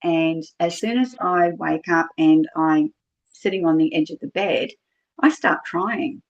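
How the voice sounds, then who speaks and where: On a dull, lo-fi podcast recording, a middle-aged Australian woman guest casually retells her experiences, chatty and full of fillers and quoted lines. Her voice is low and a little slow.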